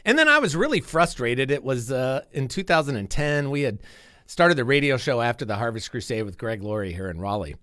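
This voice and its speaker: A middle-aged man hosting his radio show from the studio, talking earnestly in a casual, rambling flow and repeating himself as he restarts his sentences. His voice sits at an ordinary pitch and sounds close and dry, with no room around it. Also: sing-song, fairly quick, pushed and bright, no room sound. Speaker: radio host.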